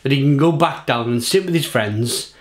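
A British beer reviewer and pub manager rants angrily to camera, swearing, rambling, and repeating himself. His voice is mid-range at a moderate pace.

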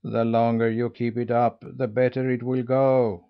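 A man's voice: mid-range voice, flat delivery, a little slow, smooth, lo-fi sound, close to an everyday voice. A man voicing a stern old female leader goose who answers sharply and curtly. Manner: sharp, curt, unyielding.

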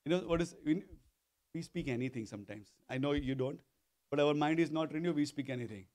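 A man's voice: fairly high pitch, fairly quick, a little mellow. A male pastor preaching a sermon, often repeating phrases and asking the congregation questions. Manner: repetitive, call-and-response questions to congregation.

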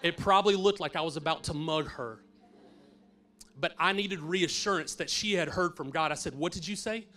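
A middle-aged pastor shares a personal faith story during a sermon, earnest throughout and moving between hushed and emphatic moments. His male voice is a little high and he speaks at a normal speed.

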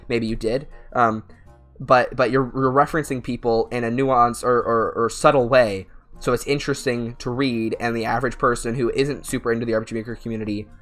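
A man's voice: medium pitch, fairly bright tone. A man giving casual let's-play commentary, rambling with many fillers and restarts. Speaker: gaming YouTuber.

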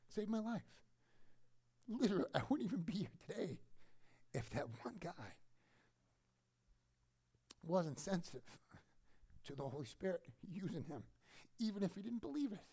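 This middle-aged pastor's male voice is high-pitched and slightly rough. Preaching a sermon, he tells a personal story with feeling, alternating loud emphasis with hushed quiet.

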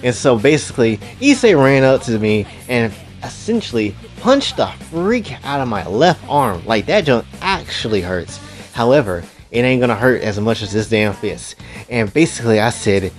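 A man's voice: medium pitch, big pitch swings, normal speed, faint music behind. A man casually narrating a self-insert story, rambling in laid-back crude slang.

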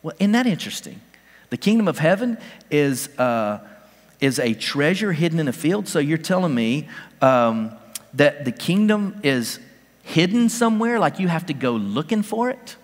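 A man preaches to his congregation in an easygoing, talky way, lifting into fairly high, eager bursts for emphasis. His voice carries a long reverb from the church sanctuary around him. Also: very animated, normal speed. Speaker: pastor. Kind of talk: sermon.

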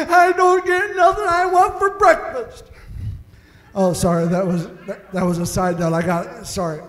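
A man preaching a sermon as pastor, mimicking whiny complainers as he talks. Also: high voice. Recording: echoey hall reverb.

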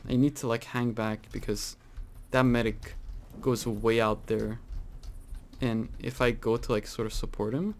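A man giving casual, rambling commentary over his own gameplay, full of fillers and sudden excited outbursts. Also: medium pitch, unhurried, slight background noise. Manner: chatty, rambling with many fillers, bursts into excited exclaims. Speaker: gaming channel host.

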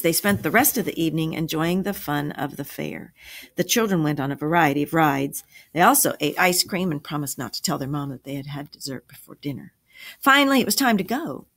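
A woman teacher reading a story aloud, then asking and answering review questions in a clear, measured way. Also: sits low, a bit bright.

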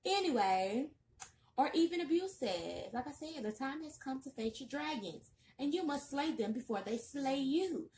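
A woman's voice: high-pitched, moderate pace. Sassy chatty young woman reading tarot. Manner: chatty, sassy, loud bursts of excitement. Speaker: tarot reader. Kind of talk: casual tarot reading vlog.

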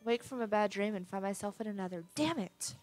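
A woman's voice: medium pitch, fairly even intonation, quick pace, darkish tone, soft background music. A woman playing a horror game, reading every character's lines aloud in her own voice. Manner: reads all characters in her own voice, lightly acted. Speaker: let's play gamer.

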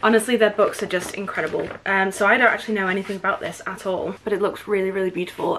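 Young female book vlogger, middle pitch, excitable gushing chat, faint hiss behind. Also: poor audio. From United Kingdom. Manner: gushing and excitable, quick asides. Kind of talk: casual chat.

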